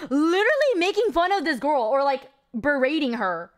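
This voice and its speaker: A woman's voice: high-pitched, very animated, normal speed. A young adult woman streamer chatting casually, telling a long story in a rambling, incredulous way with lots of fillers. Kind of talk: casual stream chat recapping a movie.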